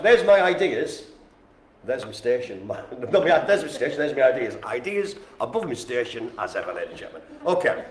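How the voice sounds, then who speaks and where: A man calling bingo live in a care home, chatty and playful, joking with the room. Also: medium pitch. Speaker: bingo caller. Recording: echoey room.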